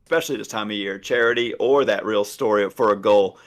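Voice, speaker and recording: A man's voice: fairly low pitch, brisk. A man from the American South in a laid-back, casual chat.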